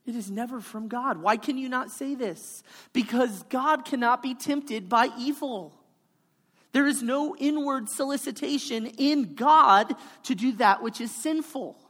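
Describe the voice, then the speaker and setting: A woman delivers a sermon at an unhurried, deliberate pace, pressing each point with repeated phrases. Her voice sits at a middle pitch and carries a long reverb from a large hall. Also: fairly bright tone. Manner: emphatic, repetitive preaching cadence. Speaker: preacher.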